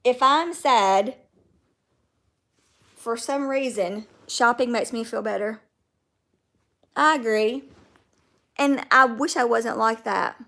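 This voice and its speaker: A livestream host with a Southern US accent reads viewer comments and chats with people by name. Her fairly high, slightly bright voice moves at a slow pace with frequent pauses.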